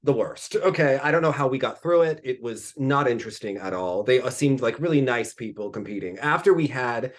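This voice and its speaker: Animated gossipy man chatting about skating. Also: medium pitch, a little fast, few pauses. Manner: gossipy, animated, sassy asides. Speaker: podcast co-host. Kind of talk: casual chat.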